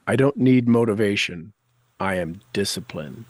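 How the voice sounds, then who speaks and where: A man leading a guided tapping session, calling out tapping points and repeating affirmations with slow, deliberate coaching cues. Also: lowish voice, animated, a little hiss or hum, low-quality recording.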